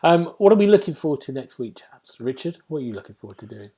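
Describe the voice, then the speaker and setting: A man's voice: on the high side, very animated, fast talker, warm tone, husky. A man hosting a casual gaming podcast, chatty and loose, reading out release dates with plenty of ums. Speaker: podcast host.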